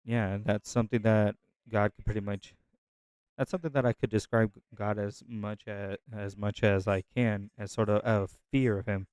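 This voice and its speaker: A man with a low-set, smooth voice talks through his thoughts in an unscripted, meandering way. He restarts sentences and leans on filler words. The sound is close and dry, with no room around it. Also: fairly even intonation, normal speed, a little mellow, dry recording. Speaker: Bible reading channel host. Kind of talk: casual spoken reflection.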